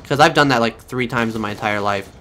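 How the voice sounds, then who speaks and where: A man giving profane, excitable commentary over his own gameplay and talking to his viewers. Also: medium pitch, fast talker, a little hiss or hum. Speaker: gaming channel host.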